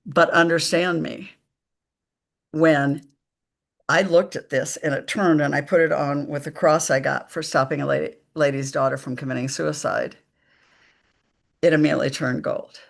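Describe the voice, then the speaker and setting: A woman, a psychic medium guest, telling stories slowly and emphatically in a live conversation, acting out the dialogue. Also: deep voice, steady tone, gravelly. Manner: slow, emphatic storytelling with quoted dialogue.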